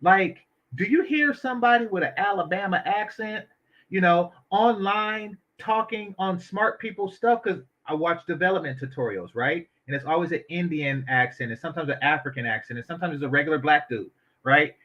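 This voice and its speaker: Blunt, bright-voiced man on dull audio. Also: high voice, normal speed. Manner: blunt, opinionated, swears freely. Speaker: commentary channel host. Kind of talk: casual commentary on an interview.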